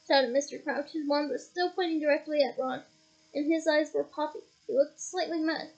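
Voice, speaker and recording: A woman reading a novel aloud, lively, breaking off now and then for playful comments. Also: high voice, moderate pace, vocal fry, rough recording. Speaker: audiobook reader.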